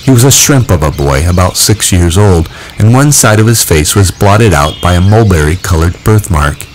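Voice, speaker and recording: Low-voiced expressive male audiobook narrator. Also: slight background noise, poor audio. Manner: expressive, measured storytelling. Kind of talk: audiobook reading.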